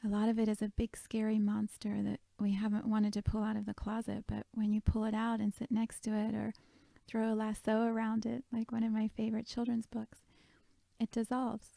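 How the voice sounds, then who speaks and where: Gravelly, mellow woman guiding a meditation. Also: on the high side, completely flat delivery, fairly quick, no echo. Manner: soft, gentle, often half-whispered. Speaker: meditation guide. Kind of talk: guided meditation.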